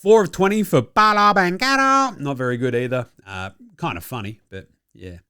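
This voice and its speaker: A man's voice: fairly high pitch, normal speed, sharp tone, clear, resonant tone, no echo, studio quality. A young adult man with an Australian accent hosting a casual basketball commentary show, mocking and swearing freely with frequent chuckles. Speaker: basketball podcast host.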